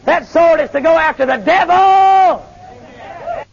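A man preaching a revival sermon, animated and calling out to the congregation. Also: extremely high pitch, slow pace, gravelly, muffled recording. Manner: animated, calls to the congregation, Southern.

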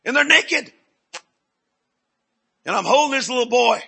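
A preacher telling a story in a high, bright voice with heavy gravel and a husky edge. He swings from near whispers to loud bursts as he preaches. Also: animated, a little slow, pauses often. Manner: dramatic storyteller, sudden swings from hushed to loud. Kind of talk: sermon testimony storytelling.

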